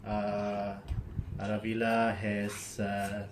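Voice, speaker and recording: Slow, low-voiced man explaining a game. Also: completely flat delivery, background noise. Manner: says okay often, counts aloud. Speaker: game demonstrator. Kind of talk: casual game demonstration.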